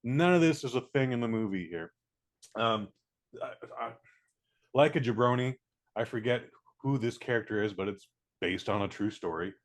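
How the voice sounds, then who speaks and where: A man giving a casual spoken movie review, blunt and profane, acting out scenes in quick little voices. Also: medium pitch. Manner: blunt, profane, animated, mimics characters.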